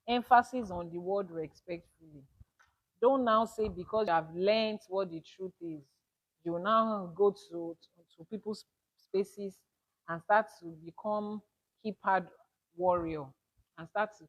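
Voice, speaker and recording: A woman's voice: medium pitch, measured pace. A woman leading a spiritual class, emphatic, repeating her key points and asking rhetorical questions. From Nigeria. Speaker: Ifa spiritual teacher. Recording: dull lo-fi audio.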